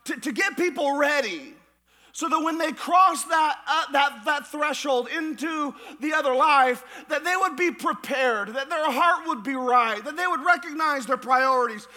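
High, bright-voiced pastor preaching. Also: male voice, moderate pace. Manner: preaching with rising shouts and sung lines. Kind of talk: sermon. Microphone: church podcast recording of a live sermon.

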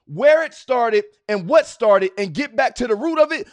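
High-voiced man giving a motivational talk. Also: lively intonation, moderate pace, hardly any pauses, dry recording, studio quality. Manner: preachy, repetitive rhetorical questions, builds to loud urging; casual slangy storytelling. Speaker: podcast host. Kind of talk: motivational speech.

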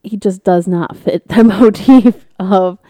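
A woman's voice: mid-range voice, slow pace, warm tone, dry recording. A woman co-hosting a casual chat podcast, telling stories with swearing, laughs and funny voices. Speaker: podcast co-host.

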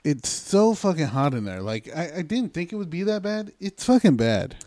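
A man's voice: a little high, big pitch swings, normal speed, mellow, no echo. A man in casual banter, laid-back and profane, tossing out wisecracks.

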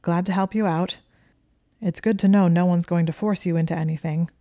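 A man's voice: high voice, fairly even intonation, fairly quick, dark tone, dry recording, clean studio sound, natural voice. A woman voicing a shy, earnest young male wizard who stammers awkwardly.

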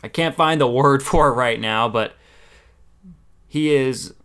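A man's voice: medium pitch, a little slow, a bit bright, clear, resonant tone. A man giving a casual, opinionated recap of a wrestling show, with exasperated asides.

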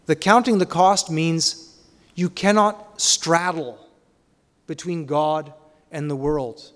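Man, preacher, sermon, rhetorical questions, loud and hushed by turns, slightly high voice, long hall reverb. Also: slow pace.

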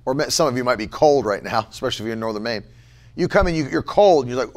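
A middle-aged man preaching a sermon, emphatic, repeating key phrases and slowing down to stress them. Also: mid-range voice, a little mellow.

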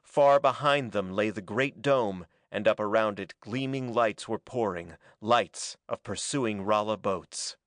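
A man reading a pulp adventure story aloud as a dramatic, steady narrator. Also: on the low side, measured pace, few pauses, dry recording. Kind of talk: scripted audiobook narration.

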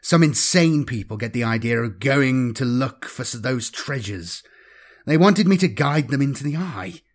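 A man's voice: mid-range voice, lively intonation, moderate pace, close to an everyday voice. A man doing a jittery young spacefarer. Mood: anxious. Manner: quivering, insistent. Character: young male space navigator, nervous and earnest.

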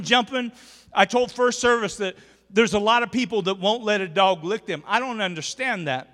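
A man with a high, bright voice preaches to a congregation in a church sanctuary. He tells homely stories and jokes with his listeners. His words ring out with a long hall reverb. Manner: folksy storytelling, joking with the congregation. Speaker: pastor. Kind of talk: sermon.

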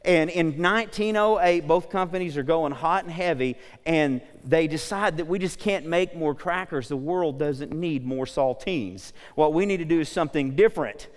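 A man preaching a sermon as pastor, talking quickly and energetically, calling for amens from the congregation. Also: fairly high pitch. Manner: fast, energetic preaching with call-and-response. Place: church sanctuary. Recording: church hall reverb.

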